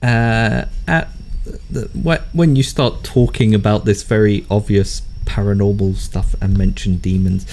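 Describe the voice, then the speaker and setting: A man narrating as game master of a tabletop game, slow and halting. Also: fairly low pitch, steady tone, darkish tone.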